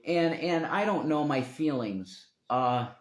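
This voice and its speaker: On his own live stream, a man delivers a meandering, profane monologue, frequently trailing off mid-sentence. His voice sits a little high, with lively intonation and a slow pace, and the room gives it a noticeable echo.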